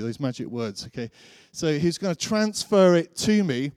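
A man's voice: on the high side, sing-song, normal speed, darkish tone, no room sound, studio quality. A man preaching a sermon, telling a personal story in a chatty way and acting out his own thoughts.

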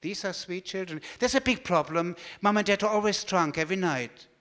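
A man with a German accent telling a story as he gives a talk, lively and animated. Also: sits high, a little fast, in a large hall. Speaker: speaker giving a talk.

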